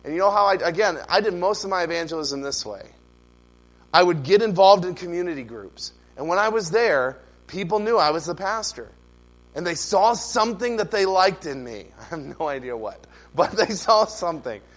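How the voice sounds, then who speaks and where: A man in his thirties preaching a sermon to his church, earnest and building to loud, impassioned calls. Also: high-pitched, lively intonation, normal speed, rough recording. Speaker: pastor. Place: church sanctuary.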